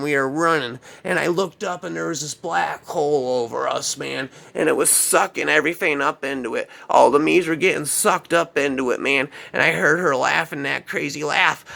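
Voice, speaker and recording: A man's voice: a little high, creaky, sharp tone. A man telling a first-person horror story in a rambling, repetitive way, often tacking on "man". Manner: repetitive, keeps adding "man".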